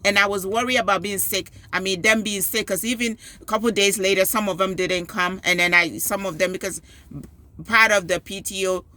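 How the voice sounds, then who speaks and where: A woman and school parent telling a story with animated emphasis, giving advice in a personal video. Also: mid-range voice, fairly quick. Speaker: parent and PTO volunteer.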